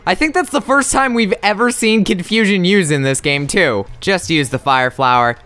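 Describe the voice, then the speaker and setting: A man giving chatty, excitable, self-mocking commentary while playing a video game. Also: high voice, moderate pace. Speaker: let's play host. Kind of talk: gameplay commentary.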